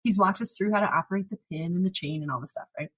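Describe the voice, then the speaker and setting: Husky woman telling a lively story. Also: lowish voice, rapid-fire. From South Dakota. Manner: animated, laughing storyteller. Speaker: podcast host. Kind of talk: casual storytelling chat.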